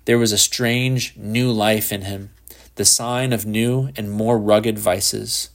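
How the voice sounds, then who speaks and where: A man narrating a literary short story in a measured, unhurried reading. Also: lowish voice, fairly even intonation.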